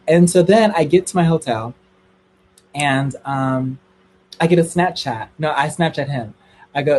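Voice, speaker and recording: A young man tells his live chat audience a dramatic, gossip-filled story, speaking a little slowly and pausing often. Excitement sends his voice up into squealing highs.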